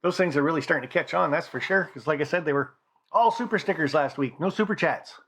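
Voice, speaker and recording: A man's voice: a little high, fast talker, fairly bright tone. Chatty man hosting a hobby live stream. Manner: chatty, rambling, reads out viewer names. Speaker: channel host. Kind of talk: casual live-stream chat. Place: home model railroad room.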